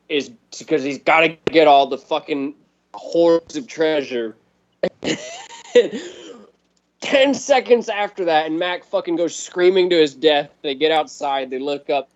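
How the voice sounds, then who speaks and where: Animated, laughing man ranting about a movie. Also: on the high side. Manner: animated, laughing, profane storytelling. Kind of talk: casual movie-talk podcast chat. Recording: dull lo-fi recording.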